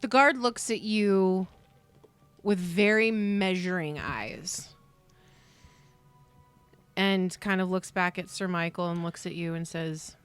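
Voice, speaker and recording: A woman's voice: fairly low pitch, slow pace, pauses often, smooth, soft background music. A woman narrating a tabletop role-playing game as game master, chatty with lots of fillers.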